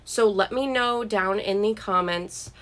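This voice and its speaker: A woman's voice: medium pitch, measured pace, fairly bright tone. A young woman vlogger talking earnestly and encouragingly to camera about money habits, with frequent "like" and "um". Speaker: vlogger giving money advice. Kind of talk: casual talk to camera.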